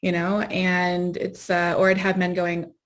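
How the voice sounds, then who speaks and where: Woman panelist, low-pitched, candid reflective delivery. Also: completely flat delivery, unhurried. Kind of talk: casual panel chat.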